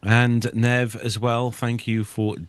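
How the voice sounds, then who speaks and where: Closing out a relaxed podcast conversation, a genial host from the United Kingdom thanks his guests one by one in a chatty way. He speaks slowly in a smooth, mid-range, level voice, captured in a dry recording.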